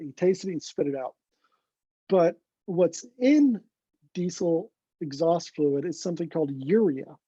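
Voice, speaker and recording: Man telling a story, husky voice, dark tone, slightly high, dry dull lo-fi sound. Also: no echo. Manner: animated anecdote teller, acts out quoted friends. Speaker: guest photographer. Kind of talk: storytelling in an interview. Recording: dull lo-fi recording.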